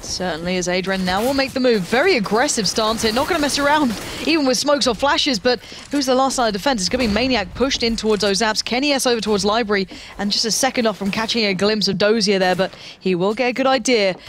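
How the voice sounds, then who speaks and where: Male game caster, excitable play-by-play, headset, pitch climbs in action. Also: quick pace, hardly any pauses, a little hiss or hum. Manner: pitch leaps high in big plays. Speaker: esports commentator. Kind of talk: live esports play-by-play.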